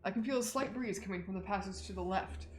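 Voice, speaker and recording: A woman's voice: medium pitch, fast, a little hiss or hum, close to an everyday voice. Woman reading as a stern detective. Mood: earnest. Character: stern determined male detective bird. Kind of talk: game dialogue read on stream.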